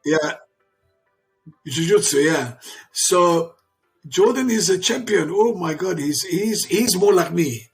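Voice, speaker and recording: Man in his sixties, interview guest. Raspy, fairly high voice, emphatic and repetitive. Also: animated, slow pace, long pauses, faint music behind. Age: 60s. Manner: emphatic and repetitive, restarts sentences. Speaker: interview guest, father of a champion. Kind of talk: emotional storytelling in conversation.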